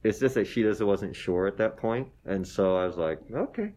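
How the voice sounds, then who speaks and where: A man in his forties telling stories as an interview guest, animated and self-deprecating, often tagging "okay?" onto his lines and going soft and emotional when he talks about his wife. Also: low-pitched, normal speed, slight background noise. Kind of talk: casual storytelling interview.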